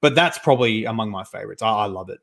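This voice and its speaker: Fast-talking Australian man. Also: fairly low pitch, animated, gravelly, a bit bright. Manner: quick, chatty, opinionated. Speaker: guest. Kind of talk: casual chat.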